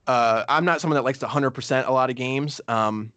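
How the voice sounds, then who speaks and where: A man's voice: medium pitch, fairly quick, a bit bright, dry recording. A man co-hosting a casual game review chat, rambling with many fillers and restarts. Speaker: podcast co-host.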